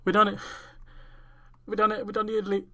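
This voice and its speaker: A gaming YouTuber, a man, trembling with excitement and repeating himself, swearing in overjoyed gameplay commentary. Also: sits high, quick pace, dry recording.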